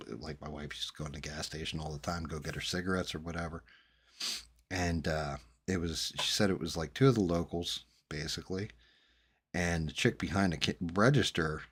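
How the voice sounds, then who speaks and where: A middle-aged man from New Jersey, chatting casually with viewers and telling rambling, profane stories. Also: sits low. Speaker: streamer host chatting with viewers. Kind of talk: casual chat.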